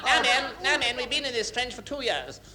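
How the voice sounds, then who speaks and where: A man's voice: very high voice, sing-song, brisk, raised voice, over a noisy crowd. A man playing a clipped, dithering upper-class British officer in a 1960s radio comedy, on a hissy recording.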